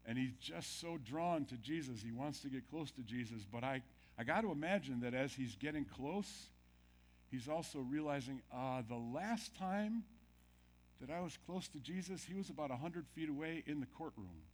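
A man in mid pitch delivers a sermon as a pastor. His preaching is dramatic, sinking to quiet, drawn-out lines before climbing to loud, emphatic peaks. He puts questions straight to the congregation. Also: animated. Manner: dramatic, drops to near-whispers then builds loud.

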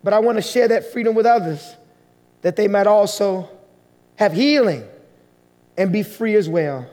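A male pastor delivers a heartfelt sermon story in a strikingly high voice. He slows down and pauses to let emotional moments settle. The sound rings with long reverb from a church hall. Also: animated, a little mellow.

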